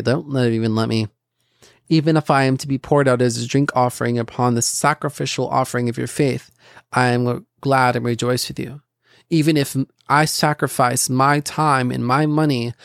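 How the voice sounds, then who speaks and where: A man's voice: mid-range voice, gravelly, dry recording, clean studio sound. A man hosting a casual Christian podcast, talking earnestly in a rambling way with restarts and asides. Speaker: podcast host.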